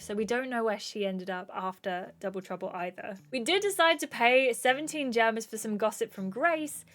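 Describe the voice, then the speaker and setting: A chatty woman recaps a video game for her channel in an easy, casual way. Her voice sits fairly high, and she exclaims and asks questions as she goes. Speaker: gaming YouTuber.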